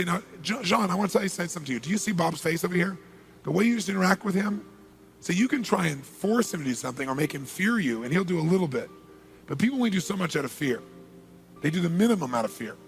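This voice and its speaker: A man's voice: on the high side, vocal fry, fairly bright tone. A man giving an emphatic motivational talk at a seminar, telling a story and repeating key phrases for weight. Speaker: motivational speaker.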